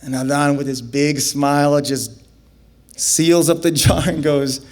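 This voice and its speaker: Young guy telling a story on stage, kinda high voice, acts out the dialogue big and loud. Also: a little slow. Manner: animated, acts out dialogue with big swings into high excited shouts. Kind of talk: personal story told on stage.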